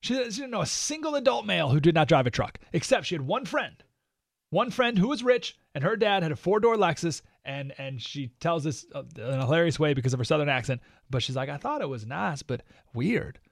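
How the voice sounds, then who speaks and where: A man hosting a talk radio show, delivering an opinionated monologue in an animated, sarcastic way with mocking asides. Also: on the high side, fairly quick, dry recording, studio quality.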